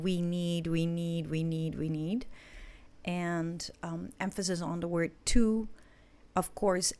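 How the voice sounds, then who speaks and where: A woman English teacher giving a recorded listening lesson, explaining points slowly and checking in with her students. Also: on the low side.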